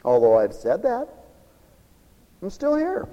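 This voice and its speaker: A man preaching a fiery, folksy sermon, swinging from hushed asides to shouts. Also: medium pitch, big pitch swings, fairly quick, pauses often, long reverb tail, poor audio.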